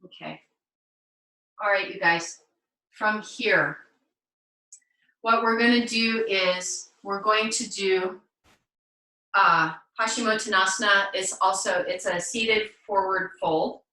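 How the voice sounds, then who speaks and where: A woman teaching a live online yoga class, cueing poses gently and encouragingly with playful asides. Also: mid-range voice, takes it slowly, long pauses, echoey room, recorded from a distance, poor audio. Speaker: yoga instructor. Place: home room, on a video call.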